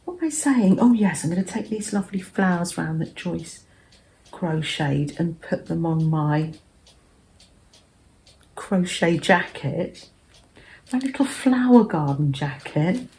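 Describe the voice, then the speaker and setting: An older English woman hosting a cozy craft vlog, talking in a gentle, rambling way that often drops to a soft murmur. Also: lowish voice, animated, slow, pauses often, a little hiss or hum. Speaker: craft vlogger.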